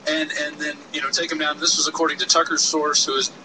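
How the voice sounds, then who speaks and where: A man co-hosting outdoors, explaining in a measured way. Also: on the high side, level tone. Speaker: co-host. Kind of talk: casual commentary. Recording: loud street noise.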